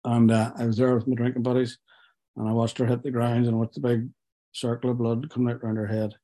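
A middle-aged man tells a personal story to an interviewer, candid and self-mocking, halting with fillers and close to tears. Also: mid-range voice, flat delivery, mellow. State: tearful.

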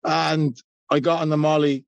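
A man's voice: fairly high pitch, flat delivery, normal speed, creaky, dry recording, lo-fi sound. An Irish man in his forties giving a blunt, self-mocking personal share at a recovery meeting, swearing freely. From Ireland. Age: 40s.

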